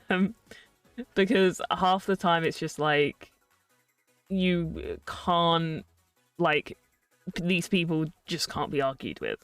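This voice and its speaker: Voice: medium pitch, expressive, slow, pauses often, fairly bright tone, clean tone, no echo, recorded from a distance, faint music behind. A young adult streamer chatting casually and ranting sarcastically while building, laughing often.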